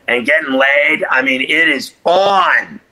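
A man's voice: on the high side, slow pace, sharp tone, poor audio. A man chatting casually as a radio co-host, joking and boisterous, teasing his friend. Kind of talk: casual chat.

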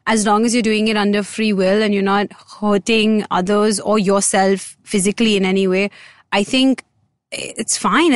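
A young woman with an Indian English accent, co-hosting a casual podcast and steering the chat with quick, teasing remarks. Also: mid-range voice, dry recording, clean studio sound. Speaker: podcast co-host.

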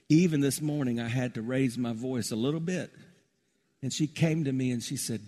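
A middle-aged male pastor preaching a sermon, soaring high and loud, then dropping to hushed, tender lows. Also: measured pace, pauses often. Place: church sanctuary. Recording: reverberant church hall.

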